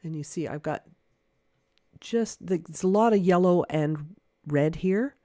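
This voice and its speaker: A woman giving a casual livestream watercolor lesson, thinking aloud with many fillers in a gentle, encouraging way. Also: lowish voice, unhurried, dry recording, studio quality. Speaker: watercolor art teacher. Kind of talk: casual painting demonstration livestream.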